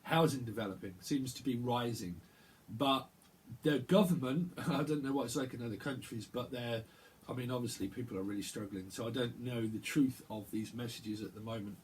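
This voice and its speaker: A man giving a channeled tarot reading, rambling and halting, often repeating words as he picks up messages. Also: medium pitch, slight background noise. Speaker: tarot reader.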